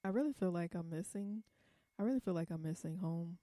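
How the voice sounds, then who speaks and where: A woman's voice: on the low side, brisk, dark tone, no room sound, studio quality. Blunt, rambling young woman vlogger. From California. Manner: blunt and profane, rambling with many ums. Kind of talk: casual vlog monologue.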